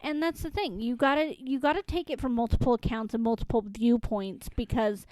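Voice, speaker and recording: A woman's voice: fairly high pitch, brisk, darkish tone, no echo, rough recording. A woman co-hosting a podcast, chatting casually, cracking jokes and finishing her co-host's sentences. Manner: wisecracking, jumps in to finish sentences. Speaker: podcast co-host. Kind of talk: casual chat.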